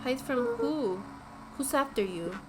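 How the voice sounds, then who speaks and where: A young boy hero calls out urgently and anxiously, searching for his friends, a woman reading his lines. His voice sits a little high and strains with worry. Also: expressive, slow, noisy background. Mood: pleading. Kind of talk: reading game dialogue aloud.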